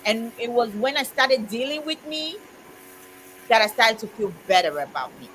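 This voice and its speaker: A woman's voice: a little high, animated, normal speed, noisy background. A woman in casual chat, telling a heartfelt personal story in an earnest way with frequent "you know"s. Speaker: co-host of a community chat stream.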